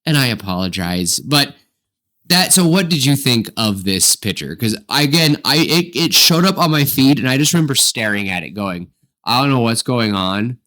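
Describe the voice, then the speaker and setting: Guy cohosting a podcast, chatty and apologetic, mid-pitched voice, laughs a lot. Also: moderate pace. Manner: apologetic, laughs often, animated. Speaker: podcast co-host. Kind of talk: casual chat.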